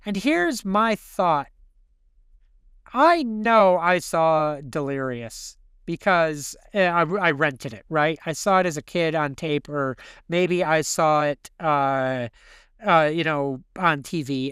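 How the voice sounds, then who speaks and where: A man co-hosting a podcast in casual movie chat, animated and swearing freely as he talks. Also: a little high, slow pace, clean tone, no room sound, studio quality. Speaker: podcast co-host.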